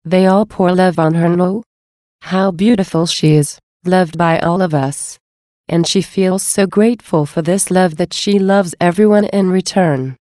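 A woman voicing a gentle, loving divine male speaker in a slow, measured, solemn devotional reading. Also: fairly low pitch, dry recording, studio quality, close to an everyday voice.

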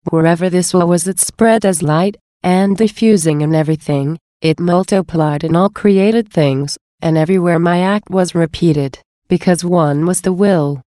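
A woman reading aloud the words of a gentle, tender Jesus speaking to a beloved soul, in a slow, solemn, devout manner. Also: on the low side, no room sound, clean studio sound, natural voice.

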